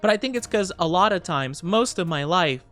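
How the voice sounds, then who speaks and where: Young man, VTuber streamer, rambling casual chat, lively pitch, faint game music behind. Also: moderate pace. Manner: rambling, chatty, laughs often, many fillers.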